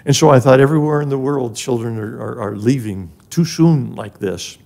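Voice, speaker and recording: Older male guest, gravelly, mellow tone; earnest personal storyteller. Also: medium pitch, moderate pace. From grew up in an African village. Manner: earnest and emotional, rising when moved. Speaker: guest, charity president emeritus. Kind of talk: personal storytelling in a podcast interview.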